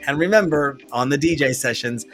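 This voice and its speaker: A man's voice: medium pitch, brisk, creaky, a bit bright, soft background music. Chatty rambling male podcast host. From Washington state, US. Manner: chatty and rambling, many restarts. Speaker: interview host. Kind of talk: casual podcast interview. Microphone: remote video call.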